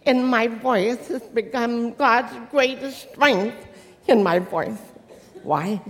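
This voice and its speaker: A deaf woman delivers a motivational faith talk to an audience. Her speech carries the distinctive, accent-like sound of someone who learned to speak without hearing. She shapes each word slowly and carefully, and her voice trails off into the long reverb of a large hall. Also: a little high. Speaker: inspirational speaker.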